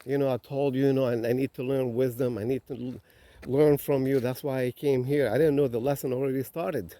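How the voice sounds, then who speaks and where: A man's voice: medium pitch, steady tone, moderate pace, mellow, close to an everyday voice. A man telling a story, voicing a brash young male samurai who is proud and then pleading. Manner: boastful, then begging.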